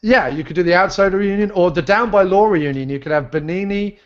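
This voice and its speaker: A man talks loosely as a guest on a chat podcast, trailing off into ums and dropping the odd swear word. His voice sits a bit high. The recording is dull and lo-fi. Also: quick pace, clear, resonant tone. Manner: rambling, swears, laughs, many ums. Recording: dull lo-fi sound.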